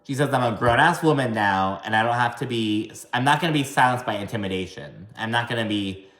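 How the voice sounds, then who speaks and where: Speaking a little fast with a slightly bright tone, a man trades gossip about a reality show, swearing heavily and mimicking cast lines in high, exaggerated voices. There's noticeable reverb.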